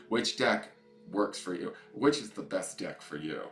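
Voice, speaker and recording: A man's voice: deep voice, lively intonation, a little slow, roomy sound, soft background music. A man hosting a casual tarot live stream, chatting in a playful, campy way and greeting viewers by name. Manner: playful, campy, joking asides. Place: indoors at home.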